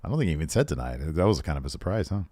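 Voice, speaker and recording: A man's voice: rumbling low, sing-song, very fast, warm tone, no room sound. A man co-hosting a podcast, recapping wrestling in casual chat with joking, exasperated asides. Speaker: podcast co-host.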